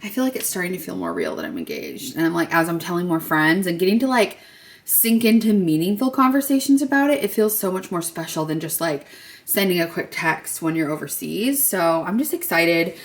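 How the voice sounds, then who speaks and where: A woman's voice: fairly low pitch, animated, fairly quick. A young woman chatting in a vlog, bubbly and gushing, filling her talk with "like" and "oh my God". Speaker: vlogger. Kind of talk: casual vlog chat. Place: in a car at a drive-through.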